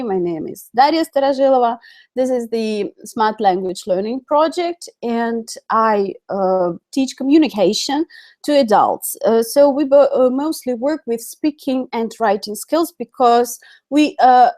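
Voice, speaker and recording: Russian-accented woman, slightly high-pitched, hosting a live English lesson, loose, filler-heavy delivery. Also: a little mellow. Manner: chatty, many fillers and self-corrections. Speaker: English communication teacher. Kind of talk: live-streamed online lesson.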